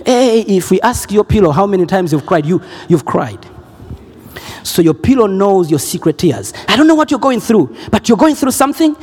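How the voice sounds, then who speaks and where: A man preaching a sermon, emphatic and repetitive, often shouting key lines. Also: sits high, sing-song, moderate pace, husky, in a large hall.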